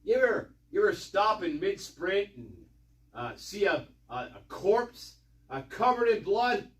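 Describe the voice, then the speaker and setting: A man's voice: sits high, big pitch swings, measured pace, a bit bright, echoey room, far from the mic. A man giving mocking, sarcastic commentary, swearing and rambling with lots of repetition. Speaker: online commentator.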